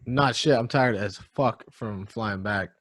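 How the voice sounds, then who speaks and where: A man's voice: on the low side, a little slow, a bit bright, dry recording, studio quality. A young man co-hosting a podcast, talking in a laid-back, profane way. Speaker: podcast co-host. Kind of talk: casual chat.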